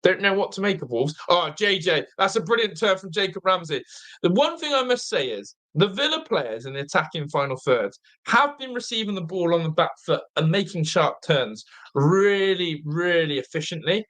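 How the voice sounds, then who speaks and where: Chatty, bright-voiced football fan host. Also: male voice, sits high, normal speed. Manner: chatty, excitable, reads viewer comments aloud. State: slightly blocked nose. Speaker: watch-along host. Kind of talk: live fan commentary and chat.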